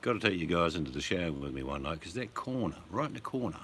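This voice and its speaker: A man's voice: sits low, big pitch swings, quick pace, fairly bright tone, slight background noise. A man with an Australian accent hosting a livestream, chatting and joking with viewers. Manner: joking, chatty, breaks into song. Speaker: livestream host. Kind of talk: casual chat with viewers.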